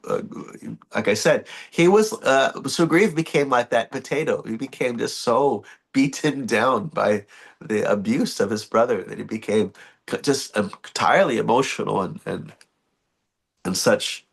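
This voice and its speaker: A man leading a morning scripture class in a temple, telling stories in an animated, chuckling, loosely phrased way. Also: medium pitch, unhurried, creaky, husky. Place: temple hall.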